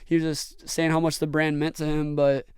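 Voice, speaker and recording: An earnest young man tells stories in a casual podcast chat, often restarting his sentences. His voice is very smooth and resonant, with a slightly high pitch. It sounds dry and close to the mic. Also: little pitch movement, normal speed, darkish tone, dry recording. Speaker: podcast host and brand owner.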